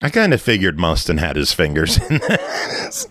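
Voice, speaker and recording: A man co-hosting a podcast, chatting casually and pitching ideas in an easygoing, meandering way. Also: wildly swooping pitch, normal speed, fairly bright tone, no echo, studio quality.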